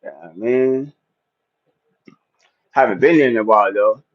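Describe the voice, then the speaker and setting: A man with a North Jersey accent chats on a livestream in a relaxed, slangy way, laughing often. His voice sits at an average pitch. The audio is somewhat dull and lo-fi. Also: a little slow. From New Jersey. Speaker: livestream host. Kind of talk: casual livestream chat.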